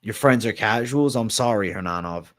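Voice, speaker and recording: A man's voice: fairly low pitch, expressive, normal speed. Casual swearing Boston man on a livestream. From Massachusetts, raised in Florida. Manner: swears freely, reads and answers chat, says bro a lot. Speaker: livestream host.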